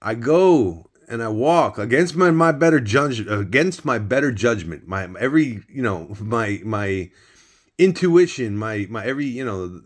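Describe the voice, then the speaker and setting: A man with a fairly low voice tells a personal story in a loose, casual way. He restarts his sentences over and over and drops in swear words as he goes. He sounds close to the mic, indoors. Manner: rambling, many restarts and swearing.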